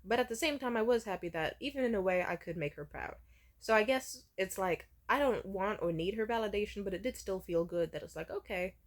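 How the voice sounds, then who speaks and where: A woman's voice: mid-range voice, fairly quick. A young woman telling a personal story candidly in a vlog, swearing freely. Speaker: vlogger.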